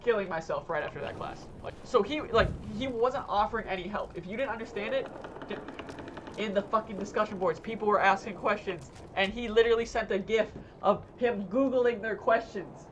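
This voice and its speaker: A young adult streamer chats casually while playing a game. The talk rambles, restarts and swears, stacked with fillers. The voice sits at a middling pitch over a faint room hum. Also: normal speed. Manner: rambling, profane storytelling full of fillers. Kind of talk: casual chat while gaming.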